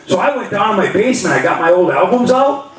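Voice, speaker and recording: A man's voice: sits high, very animated, quick pace. A middle-aged man doing a stand-up comedy set, telling rambling stories and acting out the voices of the people in them. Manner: rambling storytelling, acts out voices. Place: comedy club stage. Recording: roomy hall, mic from a distance, loud crowd. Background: audience laughter.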